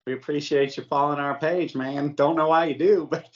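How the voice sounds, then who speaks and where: A laid-back man with a fairly high voice, co-hosting a casual podcast. He chats easily and laughs often. The audio is dull and lo-fi. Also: steady tone, brisk. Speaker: podcast co-host. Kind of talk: casual chat.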